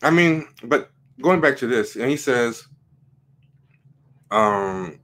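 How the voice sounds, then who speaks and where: A man's voice: a little high, lively intonation, takes it slowly, creaky, a bit bright. A man hosting a livestream, giving casual opinion commentary in a rambling way, with frequent fillers and emphatic rising questions. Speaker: livestream host.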